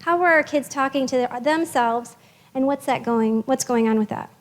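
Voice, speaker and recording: A woman's voice: high voice, normal speed, in a large hall. A woman social worker giving a chatty, upbeat presentation to parents, with many fillers and restarts.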